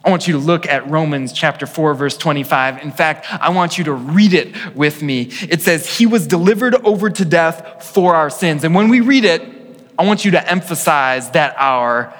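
Speaking at normal speed, a male pastor gives his congregation an earnest sermon in a somewhat high voice that echoes with long reverb through the church. His delivery swings between near-hushed weighty lines and emphatic rises that press each point.

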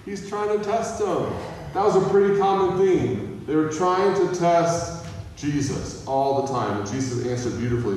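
A pastor giving a conversational sermon, mixing humor and acted-out quotes. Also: male voice, mid-range voice, animated, normal speed, darkish tone, slight background noise. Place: church sanctuary. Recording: echoey hall, voice from a distance.

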